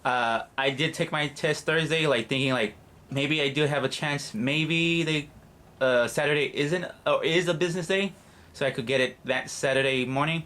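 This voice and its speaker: A man, the channel host, adding a side story in relaxed casual chat. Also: fairly high pitch, normal speed.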